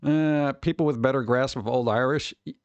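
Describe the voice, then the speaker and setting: A man's voice: mid-range voice, steady tone, normal speed, clear, resonant tone, no room sound, muffled recording. An American man chatting casually on a livestream, rambling, laughing often and trailing off. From United States. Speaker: VTuber streamer.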